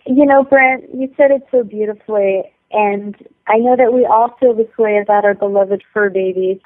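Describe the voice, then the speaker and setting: A woman's voice: medium pitch, fairly even intonation, no echo. Heartfelt woman on a tinny phone line. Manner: tender, heartfelt, gently halting. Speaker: guest caller. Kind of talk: heartfelt radio call-in talk.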